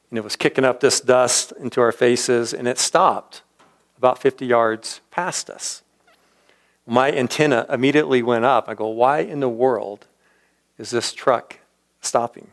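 A man casually telling a story, rambling and chatty, chuckling and acting out what people said. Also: medium pitch. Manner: rambling, chatty, chuckles often, acts out quotes.

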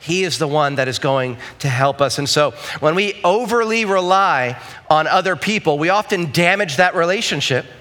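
Bright, high-voiced pastor preaching. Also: male voice, moderate pace. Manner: conversational storytelling, self-deprecating, animated when quoting himself. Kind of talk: sermon.

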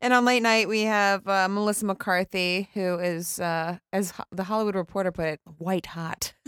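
Bright, lively woman co-host. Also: medium pitch, measured pace, few pauses, clean tone, no echo, clean studio sound. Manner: giggly, expressive. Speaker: podcast co-host. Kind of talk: casual chat, running through TV listings.

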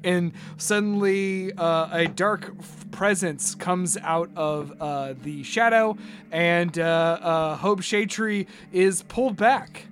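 A man runs a tabletop game as its game master, narrating scenes in a halting way packed with fillers. His voice sits a little high and sounds bright and forceful.

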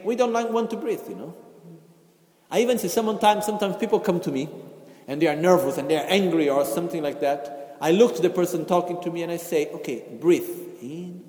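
Man teaching in an echoey hall. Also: high-pitched. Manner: gentle, repeats "okay?" and "you know", acts out inner voices. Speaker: Buddhist teacher. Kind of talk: Buddhist teaching talk. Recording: echoey hall with long reverb.

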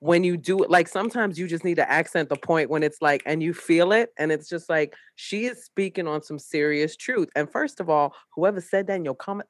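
A woman's voice: fairly low pitch, a little fast, hardly any pauses, no room sound. A woman co-hosting a podcast over a video call, joking in playful, mock-threatening banter. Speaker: podcast co-host. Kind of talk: casual chat.

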